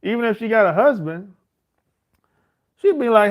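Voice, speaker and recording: A man's voice: high-pitched, lively intonation, normal speed. A middle-aged man, telling stories in a casual, boastful and profane monologue full of slang. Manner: profane, slangy street talk with frequent "man" and "bro"; boastful, swaggering. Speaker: host.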